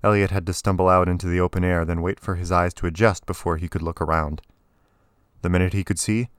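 Deep-voiced man narrating a story. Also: smooth, dry recording, clean studio sound. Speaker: audiobook narrator. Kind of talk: scripted narration.

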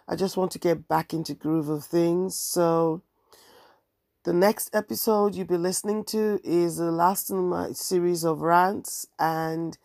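A woman's voice: deep voice, creaky, darkish tone, no echo, clean studio sound. A woman hosting her own podcast, talking candidly in a wry, ranting monologue. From African heritage. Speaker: podcast host and bookseller.

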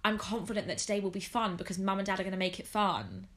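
A woman's voice: mid-range voice, very animated, fast talker, a bit bright. A young woman hosting a podcast, chatting casually with a friend and rambling with lots of "like". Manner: chatty, rambling, heavy use of "like". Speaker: podcast host.

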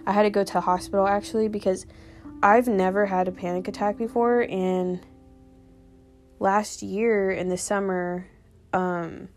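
A woman's voice: mid-range voice, fairly even intonation, unhurried, soft background music. A young woman hosting her own podcast, talking candidly and ramblingly about personal experience, with lots of "like" and casual swearing. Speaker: podcast host.

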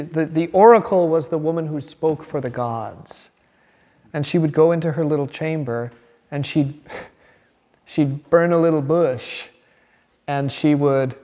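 A man teaching a bible class, animated and chatty, quizzing the class and laughing as he reads aloud. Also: fairly high pitch, in a large hall. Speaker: catechism teacher.

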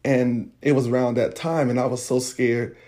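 A man's voice: medium pitch, fairly even intonation, moderate pace, mellow. A man, hosting a podcast and candidly telling a personal story straight to his listeners. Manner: candid, addresses listeners directly. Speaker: podcast host.

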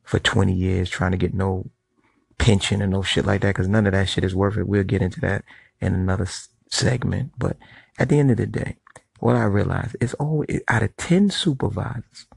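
A man's voice: lowish voice, vocal fry, breathy edge, no echo. A middle-aged man giving a blunt, profane monologue to camera, telling street stories. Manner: storytelling. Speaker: vlogger.

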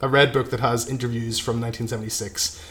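Co-host, man, mid-pitch voice, loose plot recap in casual chat. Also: flat delivery, quick pace. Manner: loose plot recap, trailing off quietly, frequent "right?" and swearing. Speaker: podcast co-host recapping a film.

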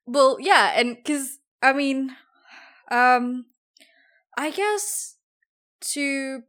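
A woman from Java, Indonesia, and a former English teacher, co-hosting a podcast in casual chat, thoughtful and hesitant with many pauses. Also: high voice, fairly bright tone.

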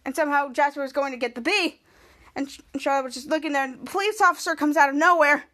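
Very high, bright-voiced woman recapping. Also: fast. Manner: retells scenes with many restarts, acting out lines. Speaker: podcast host. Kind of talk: casual episode recap.

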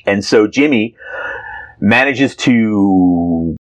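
A man's voice: lowish voice, lively intonation, drawn-out words. Playful, teasing man recapping a comic. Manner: playful, teasing, hesitant with fillers. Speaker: podcast co-host. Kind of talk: casual chat recapping a comic.

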